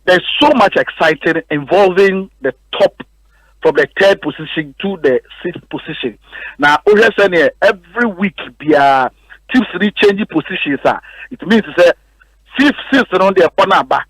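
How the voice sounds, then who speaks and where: A man's voice: sits high, expressive, fairly bright tone, no echo, low-quality recording. A man with a Ghanaian accent analysing football on a radio sports show in a studio, hammering his points with repeated words. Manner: rapid code-switching, repetitive emphatic delivery.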